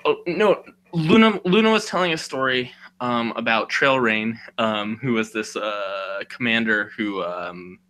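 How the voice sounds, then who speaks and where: Man, podcast co-host, very bright tone, rambling casual retelling, voices the characters. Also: mid-range voice. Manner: rambling, full of "you know" and "like", acts out characters' lines. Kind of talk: casual chat, retelling a story.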